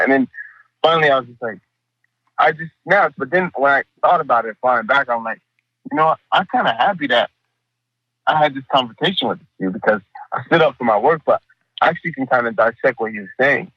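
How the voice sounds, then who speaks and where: The guest here is a painter, a man with a medium-pitched, brisk voice. In the interview he's animated and casual, swears a lot, and acts out what others have said. There's no room sound, and the audio comes across dull.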